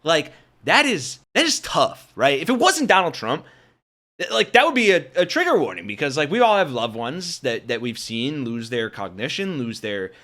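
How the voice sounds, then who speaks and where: 30s guy ranting about politics to his viewers, lots of swearing, lively and bright, kinda high voice. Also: moderate pace. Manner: animated, profane, talks straight to viewers. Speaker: political commentary host. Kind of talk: casual political commentary.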